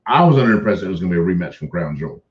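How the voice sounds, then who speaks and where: A man's voice: sits low, lively intonation, very fast, reverberant, muffled recording. A man co-hosting a casual wrestling chat, blunt and swearing freely. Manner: blunt and profane. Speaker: podcast co-host.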